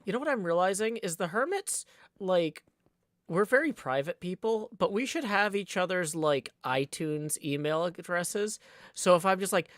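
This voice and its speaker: A man with a high, fairly bright voice and lively intonation streams a card game at a moderate pace, chatting and calling his moves with jokes sprinkled in. The sound is clean studio quality with no room sound.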